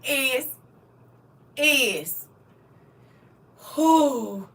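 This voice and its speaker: A middle-aged woman hosting a livestream, laughing and teasing her viewers in casual chat, with a voice she calls croaky. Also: fairly high pitch, lively intonation, extremely slow, pauses often, sharp tone, far from the mic. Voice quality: self-described croaky frog voice. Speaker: livestream host.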